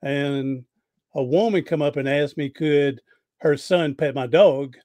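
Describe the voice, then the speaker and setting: A man's voice: a little high, slow, darkish tone, no room sound. A man hosting a podcast interview, telling rambling, folksy anecdotes with frequent restarts. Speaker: podcast host. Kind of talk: casual interview storytelling.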